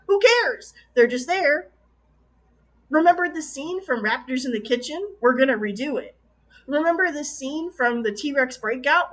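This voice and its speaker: A high-pitched woman ranting about a movie she found disappointing. She swings from loud, incredulous outbursts to quiet, slowed-down asides, acting out her own confused reactions as she goes. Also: poor audio. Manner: exasperated, animated, quoting her own reactions with sudden swings. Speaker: movie reviewer. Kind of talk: casual review rant.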